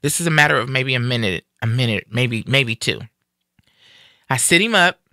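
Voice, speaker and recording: A man in a casual live-stream conversation, retelling a personal story in an animated way and acting out what people said. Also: mid-range voice, normal speed, no echo, clean studio sound. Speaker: guest sharing a personal story.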